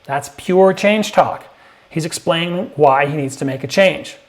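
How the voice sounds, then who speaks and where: A man teaching sales technique to camera, emphatic and punchy, now and then acting out prospects in a higher voice. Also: unhurried. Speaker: sales coach. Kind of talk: direct-to-camera sales lesson.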